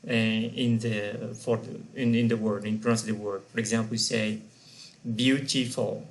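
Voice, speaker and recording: A man's voice: fairly low pitch, level tone, moderate pace. A man teaching an English grammar lesson, patiently repeating and spelling out example words.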